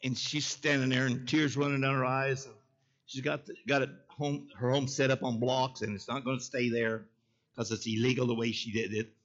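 A man's voice: mid-range voice, level tone, normal speed, fairly bright tone, lo-fi sound. A man preaching a sermon in a folksy way, telling a story and calling out to the congregation. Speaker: pastor.

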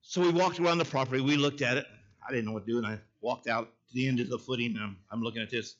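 A man's voice: mid-range voice, very fast, dull audio. A man preaching a sermon in a folksy way, telling a story and calling out to the congregation. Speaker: pastor.

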